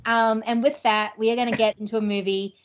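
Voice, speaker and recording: A woman's voice: a little high, level tone, fairly quick, highs cut off. Enthusiastic woman podcast host. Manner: enthusiastic, laughing, with many fillers. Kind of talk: casual chat.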